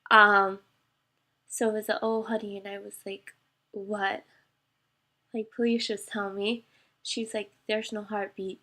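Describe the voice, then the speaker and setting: A young woman speaks straight to her viewers in a casual storytime. Her voice wavers as she holds back tears, and she often stops and restarts with "um" and "like". Her pitch sits in a middle range for a woman. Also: little pitch movement, pushed and bright. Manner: tearful, halting, many fillers. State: emotional, close to crying. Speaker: vlogger. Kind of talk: personal storytime to camera.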